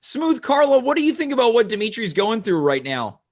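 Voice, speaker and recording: A man hosting a comedy talk show, asking earnest questions in a deadpan way. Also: very high voice, brisk. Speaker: host.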